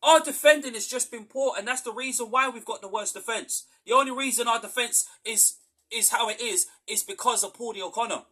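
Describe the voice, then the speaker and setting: Very high-voiced, bright, exasperated male fan. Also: a little fast. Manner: exasperated, repeats himself, sometimes shouts. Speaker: football fan podcast host. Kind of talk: post-match fan reaction rant.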